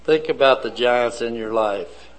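A man preaching a sermon slowly and deliberately, building his points in lists. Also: mid-range voice, low-quality recording.

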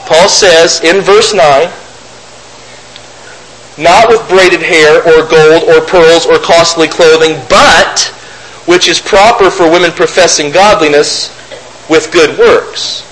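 A man's voice: a little high, fairly even intonation, slow pace, a bit bright, a little hiss or hum, poor audio. A man preaching a sermon, reading scripture aloud and then explaining it with rhetorical questions. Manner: mocks opponents' arguments in a raised voice.

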